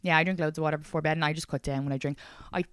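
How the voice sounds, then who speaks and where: A woman's voice: deep voice, fairly even intonation, rapid-fire, a bit bright, clear, resonant tone, no echo, studio quality. Irish woman rambling on a podcast. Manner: chatty, rambling, frequent swearing and self-deprecating asides. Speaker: podcast host and stand-up comedian. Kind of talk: casual solo podcast monologue. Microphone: studio podcast microphone.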